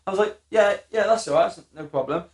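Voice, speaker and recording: High-voiced man telling a story. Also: fast talker, echoey room. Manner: swearing, laughing anecdote teller. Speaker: podcast co-host. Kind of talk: casual chat, storytelling.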